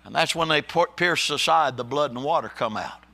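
A man preaching an impassioned sermon, addressing listeners as brother and sister and my friend, swinging from low, slow passages to high shouted cries. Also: creaky.

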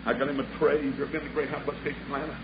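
A man's voice: medium pitch, little pitch movement, racing. An older man preaching a sermon, telling a story in a folksy, dramatic way and acting out the voices of the people in it. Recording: muffled old sermon recording with hiss.

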